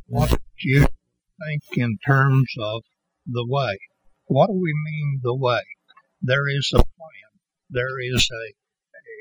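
Male preacher, slow and deliberate, slightly husky, dry close sound. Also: mid-range voice, no room sound, highs cut off. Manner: slow and halting, with many restarts, leaning on certain words. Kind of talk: sermon.

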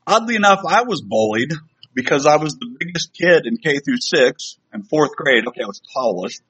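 A man's voice: mid-range voice, very animated, moderate pace, a bit bright, slightly rough. A middle-aged man preaching a sermon to a congregation in a conversational, self-deprecating way, with fillers and restarts. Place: church sanctuary. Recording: slightly dull lo-fi sound.

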